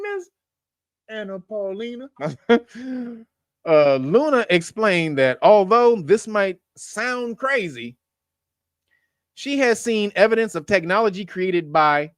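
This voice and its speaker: Animated, profane man reading news. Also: high-pitched, dry recording, clean studio sound. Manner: profane, laughing, mocking asides between read headlines. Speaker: show host reading news. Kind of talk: casual news commentary.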